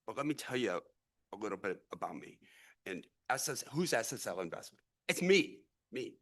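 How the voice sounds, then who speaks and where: A middle-aged man raised around St. Louis speaks as a real estate investor at a city council meeting, delivering an impassioned, rambling speech. His voice sits on the low side and is slightly bright, animated and fairly quick. He comes across as earnest, wandering off track and repeating and restarting words.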